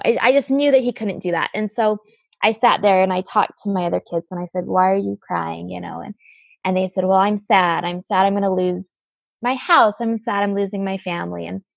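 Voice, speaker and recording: A woman in her thirties, the guest, earnestly telling an emotional personal story with halting restarts. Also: mid-range voice, creaky, a little mellow, no echo. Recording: slightly dull lo-fi sound.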